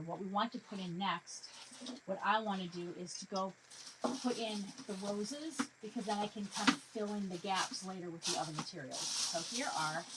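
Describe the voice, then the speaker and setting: A woman's voice: medium pitch, a little hiss or hum, low-quality recording. Chatty woman narrating a craft demo. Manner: chatty, talks herself through each step; jokey self-talk to her materials. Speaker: craft tutorial host.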